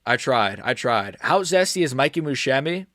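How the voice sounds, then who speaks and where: A man's voice: medium pitch, sing-song, moderate pace, fairly bright tone, no echo. A male streamer rambles loosely about fights, cracking crude jokes and trailing off mid-thought. His voice sits in a middle range. The sound is dry and close. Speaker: MMA streamer. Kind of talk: casual livestream chat.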